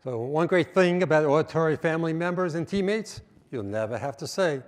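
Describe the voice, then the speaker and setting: A man's voice: on the high side, expressive, brisk. A man co-presenting a seminar, chiming in to finish his partner's points. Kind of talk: conference seminar talk.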